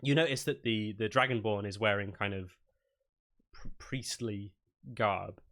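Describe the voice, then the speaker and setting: A man's voice: lowish voice, unhurried, a bit bright. A man running a tabletop game as dungeon master, narrating loosely with many fillers.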